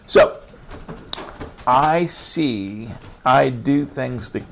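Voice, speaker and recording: A man's voice: lowish voice, creaky. A man giving an informal online faith lesson in an earnest, meandering, encouraging way. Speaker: Christian teacher.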